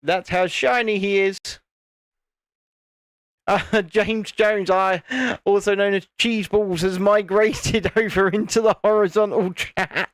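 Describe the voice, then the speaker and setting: A slow, steady medium-pitched voice, dry and clean like a studio recording, comes from a British livestream host filming on a phone camera. Indoors at home in the evening, the host builds while chatting casually, reading chat messages aloud and frequently laughing.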